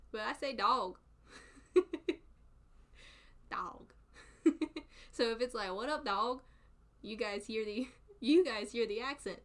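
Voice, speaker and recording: A woman's voice: fairly high pitch, unhurried, pauses often, darkish tone. A young woman with a Southern US accent, chatting casually with her live stream chat, playful and often laughing.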